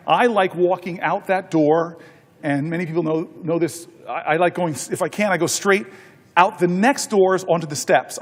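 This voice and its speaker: A man in his fifties, a senator holding the floor, telling anecdotes in a halting way with repeated words. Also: high voice. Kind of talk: floor speech with storytelling. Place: large legislative chamber. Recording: long reverb of a large chamber.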